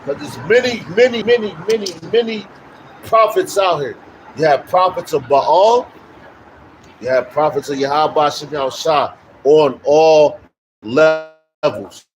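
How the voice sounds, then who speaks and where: A man preaching on the street, emphatic and repetitive, with loud bursts. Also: a little high, unhurried, a little hiss or hum, poor audio. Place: outdoors on a street.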